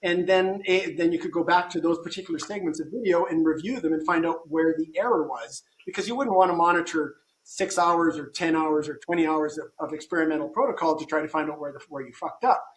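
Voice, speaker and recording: A man's voice: a little high, fast talker, few pauses, roomy sound, slight background noise. A man talking as a guest in a casual conversation. He thinks aloud and often restarts his sentences.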